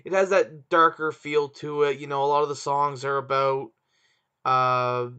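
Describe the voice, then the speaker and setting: A man's voice: medium pitch, flat delivery, normal speed, pushed and bright, clean tone. A man co-hosting a casual podcast chat, hesitant and searching for words. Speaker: podcast co-host. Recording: dull lo-fi sound.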